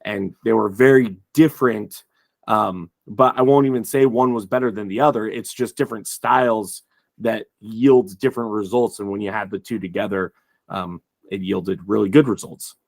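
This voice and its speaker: A man co-hosting a film podcast, thinking aloud in a halting, casual way with frequent restarts. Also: on the low side, creaky, no room sound, studio quality. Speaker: podcast co-host.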